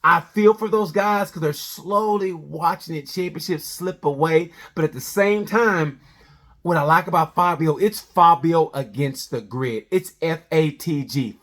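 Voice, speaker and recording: A man with a slightly higher-than-average voice rambles through a comedic race review. He jumps between tangents in an animated, conversational way. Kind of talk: comedic sports review monologue.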